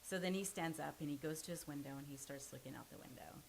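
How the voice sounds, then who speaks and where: Brief: forthright woman in her forties, low-ish voice, candid and a bit pushy, guest on a chat podcast. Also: fast, creaky, a little mellow, slight background noise, poor audio. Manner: earnest and forthright, self-described pushy. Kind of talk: candid storytelling in casual conversation.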